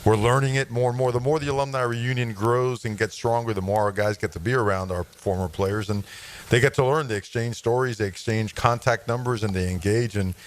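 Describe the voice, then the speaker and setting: A man being interviewed on the radio as a football coach, talking in an energetic, emphatic way. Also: medium pitch, brisk. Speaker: guest coach.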